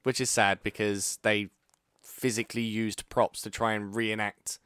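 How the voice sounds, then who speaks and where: A man co-hosting a podcast, animated and joking in casual chat. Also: fairly low pitch, measured pace, smooth, no room sound, clean studio sound. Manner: animated, laughs and jokes a lot. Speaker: podcast co-host.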